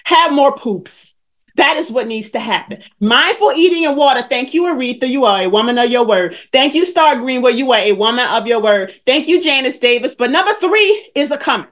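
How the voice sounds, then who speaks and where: A woman's voice: high voice, animated, brisk, fairly bright tone. A woman over forty coaching viewers on a live stream, emphatic and preachy, repeating her points and calling out people in the chat by name. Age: 40s or older. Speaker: weight-loss coach hosting a live stream.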